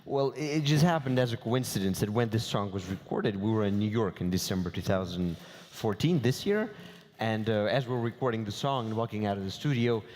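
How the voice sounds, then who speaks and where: Hesitant low-voiced man in a big hall. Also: animated, fairly quick, few pauses, darkish tone. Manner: hesitant, with frequent uh fillers. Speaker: interpreter and panel guest. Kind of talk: live stage interview. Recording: long reverb of a large hall.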